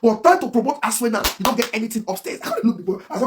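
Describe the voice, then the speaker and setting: Fast, high-voiced Nigerian man ranting. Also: big pitch swings. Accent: Nigerian Pidgin English. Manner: emphatic, repetitive, heated. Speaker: blogger. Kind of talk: livestream rant.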